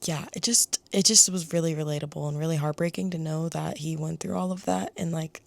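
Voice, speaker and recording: A young woman talks to her camera at home about books, her voice a little low for a woman. She is chatty and emotional, laughing easily and letting sentences trail off. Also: fairly even intonation, a little fast, gravelly, no echo. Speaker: book vlogger. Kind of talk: casual chat to camera. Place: home room.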